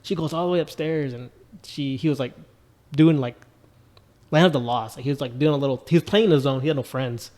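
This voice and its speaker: A man's voice: mid-range voice, fairly quick, darkish tone. A man co-hosting a podcast, telling a story in rambling casual chat with lots of "like" and "dude". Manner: rambling, many restarts and "like", "dude". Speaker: podcast co-host.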